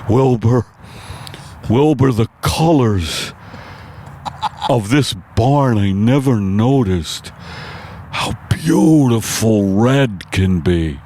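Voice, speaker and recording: Guy doing a stoned talking horse, freaking out, loud and dragged out, kinda slow. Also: mid-range voice, animated, slight background noise. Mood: dazed. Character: stoned talking male horse, panicky and awestruck.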